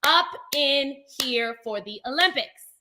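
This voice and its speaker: Bright laid-back woman contestant. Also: sits high, lively intonation, slow, a little hiss or hum. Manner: laid-back, jokey, slangy. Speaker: game show contestant. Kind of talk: casual joking answers.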